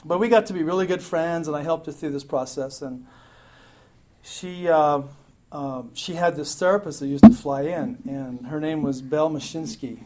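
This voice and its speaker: This live meeting recording catches a slightly high-voiced man speaking at a moderate pace over background noise. He shares his recovery story casually, wandering off track, cracking jokes and swearing while the crowd laughs.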